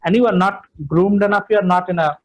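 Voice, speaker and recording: A man's voice: high voice, fast talker, dull audio. A man, speaking as a trainer in an online session from home, emphatic and repeating phrases for stress.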